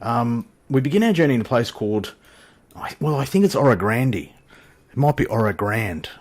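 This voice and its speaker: An Australian man runs a flight simulator channel, chatting casually and joking through his gameplay commentary. His mid-range voice is animated and moderately paced, and his humor is chatty and self-deprecating.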